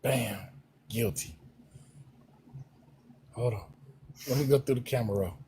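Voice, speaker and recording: A man's voice: mid-range voice, measured pace, dark tone, slight background noise. A man joking and teasing the others in a casual live chat.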